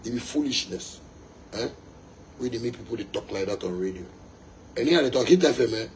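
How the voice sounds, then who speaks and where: A man's voice: medium pitch, expressive, brisk, a little hiss or hum, poor audio. A young Ghanaian man, a musician, delivering a fiery, emphatic monologue to his fans, repeating his points and slipping into pidgin.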